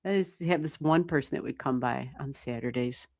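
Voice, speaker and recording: A woman giving casual, animated astrology readings on a livestream, chatting and swearing lightly as she goes. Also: very deep voice, fairly quick. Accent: US Midwestern. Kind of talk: casual live-stream reading.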